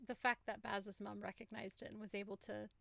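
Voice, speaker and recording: A woman's voice: mid-range voice, level tone, fairly quick, vocal fry, sharp tone, dry recording. A woman in her thirties co-hosting a casual book discussion podcast, talking in an earnest, reflective way. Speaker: podcast co-host.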